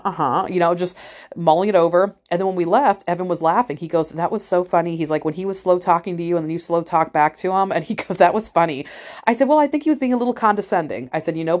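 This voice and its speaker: A woman's voice: on the low side, darkish tone. A woman telling a story in a casual vlog, blunt and profane, acting out the people she talks about. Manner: blunt, profane, acts out other people's voices.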